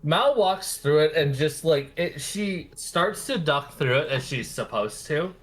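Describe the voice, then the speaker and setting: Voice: medium pitch, animated, measured pace. A person running a tabletop game as game master, narrating and laughing often.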